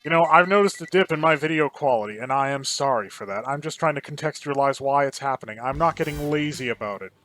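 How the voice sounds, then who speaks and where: A man's voice: mid-range voice, quick pace, few pauses, fairly bright tone, a little hiss or hum. A tired man hosting a game let's play, rambling and self-deprecating in his commentary. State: exhausted. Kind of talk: gameplay commentary.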